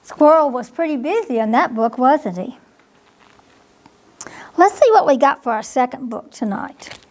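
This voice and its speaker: Woman, bedtime story reading, gentle, high-pitched, slow, asks listeners questions. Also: very animated, slight background noise. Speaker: children's librarian.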